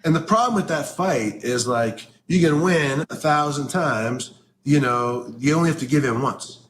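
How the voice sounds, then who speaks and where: A man's voice: a little high, animated, moderate pace, fairly bright tone. A man giving a candid interview answer about recovery, blunt and salty with his language. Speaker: interview guest. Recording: roomy echo with faint background noise.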